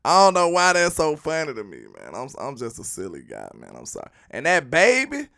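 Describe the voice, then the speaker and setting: A man hosting a casual live sports talk show, laughing often and slipping into a preachy, animated way of talking. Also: a little high, a little fast, gravelly.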